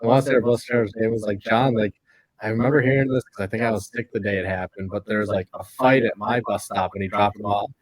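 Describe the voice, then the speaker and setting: A man's voice: fairly low pitch, steady tone, fast, no room sound, poor audio. A man co-hosting a podcast, teasing his partner with questions and laughing along. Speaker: podcast co-host. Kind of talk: casual chat.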